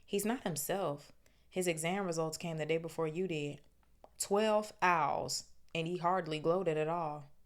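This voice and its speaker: A woman reading the lines of a wry, curious teenage boy, quietly and in her own low voice. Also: unhurried.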